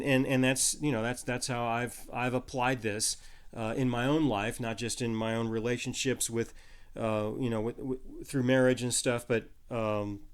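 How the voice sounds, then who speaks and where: A man preaching a Bible teaching, talking loosely with many restarts and little laughs at his own jokes. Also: mid-range voice. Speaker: pastor. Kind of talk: sermon.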